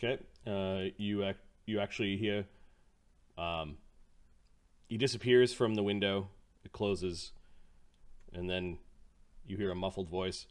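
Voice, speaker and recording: A man narrating as game master in a relaxed, hesitant way with many fillers. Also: deep voice, a little slow, long pauses.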